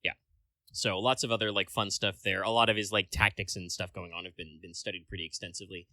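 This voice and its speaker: A man's voice: low voice, level tone, fast, sharp tone, no echo. A man co-hosting a casual podcast chat, rambling along with lots of filler words and casual swearing. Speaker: podcast co-host.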